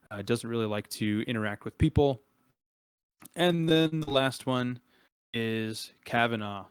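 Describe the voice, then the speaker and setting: A young adult man narrating as game master of a tabletop game, relaxed and chuckling, with frequent filler words. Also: medium pitch, clear, resonant tone, no room sound.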